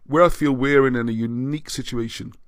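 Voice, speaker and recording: A man's voice: mid-range voice, steady tone, a little fast, dry recording. A man hosting a livestream and reading out viewer comments, rambling and often restarting his sentences. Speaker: livestream host.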